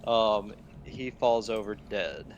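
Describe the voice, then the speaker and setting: A man's voice: on the low side, slow pace, lo-fi sound, slight background noise. A young man narrating as game master in a laid-back, matter-of-fact way.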